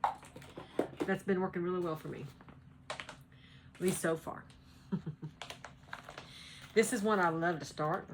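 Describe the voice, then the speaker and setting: A chatty woman with a Southern American lilt, talking at home about her stitching projects. Her voice sits a little low, and she rambles with easy restarts and frequent laughs. A faint hum of room ambience sits behind her. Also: slow pace, long pauses. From North Carolina. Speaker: cross-stitch vlogger. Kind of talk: casual chat.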